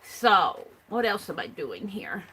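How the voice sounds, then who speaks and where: A woman's voice: medium pitch, big pitch swings, takes it slowly, sharp tone, slightly rough, low-quality recording. A middle-aged woman chatting casually and rambling as she shows her crafts and reads out viewer comments on a livestream. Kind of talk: casual chat while crafting.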